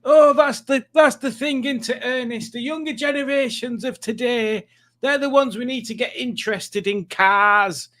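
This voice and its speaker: A man's voice: extremely high pitch, moderate pace, sharp tone, voice pushed up. A man voicing a chatty, wistful old car enthusiast, rambling to an old friend.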